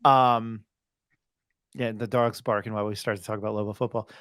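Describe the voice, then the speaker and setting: A man's voice: on the low side, flat delivery, fairly quick, fairly bright tone, smooth, no echo, clean studio sound. A man hosting a sports podcast, talking casually with many restarts and reeling off game scores. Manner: rambling, restarts and fillers, reels off scores. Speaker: podcast host.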